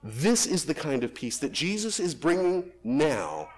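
A pastor preaches a lively sermon, swinging between emphatic, rising peaks and soft, hushed drops. He then moves into prayer, his voice turning soft, low, slow and quiet.

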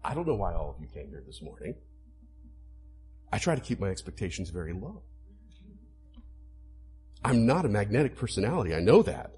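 A man preaching a sermon to a congregation, animated, acting out quoted lines as he explains. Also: on the low side, brisk, pauses often. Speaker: pastor.

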